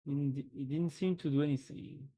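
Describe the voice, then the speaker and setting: A man's voice: on the high side, steady tone, normal speed, dark tone. A man with a French accent chatting casually and joking while he codes on a live stream. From France. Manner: joking, musing aloud, full of restarts.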